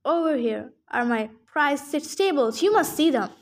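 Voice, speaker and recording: A woman voicing a greedy, smug male monster rancher with three bodies, talking in a smooth salesman patter. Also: high voice, expressive, moderate pace.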